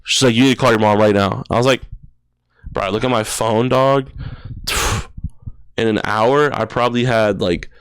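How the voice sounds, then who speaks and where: A young man in his twenties tells a personal story on a podcast, in loose slang and heavy swearing. His voice is smooth and clear at a middle pitch. It is recorded close and dry in a studio. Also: fairly even intonation, normal speed, long pauses, no echo. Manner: casual, swears a lot, says "bro" and "dude". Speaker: podcast guest. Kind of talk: emotional storytelling.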